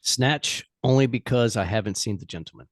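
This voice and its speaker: A man's voice: mid-range voice, normal speed, no echo, studio quality. A man hosting a casual podcast over a video call, easygoing, laughing and swearing. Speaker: podcast host.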